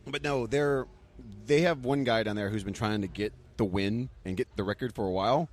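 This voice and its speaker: A man, a podcast guest, telling an excitable story and acting out the voices of people he met. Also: on the low side, fairly quick. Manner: excitable storyteller, acts out what others said. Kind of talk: casual chat.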